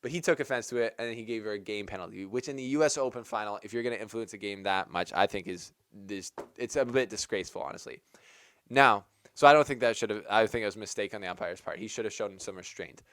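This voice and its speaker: A man with a lowish, smooth and clear voice talks through his opinions on a match in a casual, rambling way. He leans on "like" and restarts as he thinks aloud. The sound is dry and close, with no room around it. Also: quick pace, a bit bright, dry recording. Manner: chatty, rambling, heavy use of "like". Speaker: tennis channel host.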